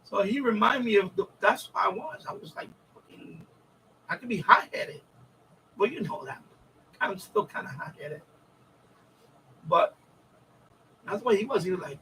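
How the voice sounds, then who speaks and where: High, bright man rambling casually. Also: lively intonation, normal speed, pauses often, far from the mic, a little hiss or hum, low-quality recording. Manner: rambling, profane storytelling with repeats and restarts. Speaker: livestream host. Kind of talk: casual livestream chat.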